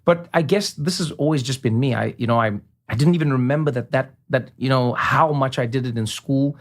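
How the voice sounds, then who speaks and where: A man, a guest in an interview, telling animated stories and slipping into impressions of others. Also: mid-range voice, fairly quick. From South Africa. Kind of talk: conversational storytelling.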